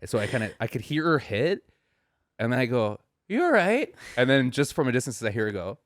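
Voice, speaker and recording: A man co-hosting a comedy podcast tells stories in a loose, rambling way, stopping and restarting often. His pitch sits in the middle, and the sound is dry and close with no room echo. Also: fast talker. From family from New Mexico. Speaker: podcast co-host. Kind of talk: casual comedic storytelling.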